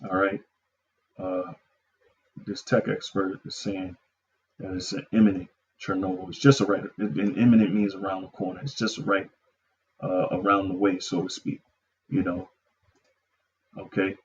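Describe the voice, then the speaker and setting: A man teaching scripture, reading verses slowly and explaining them in casual asides full of "all right" and "okay". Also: deep voice, dull audio. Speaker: preacher.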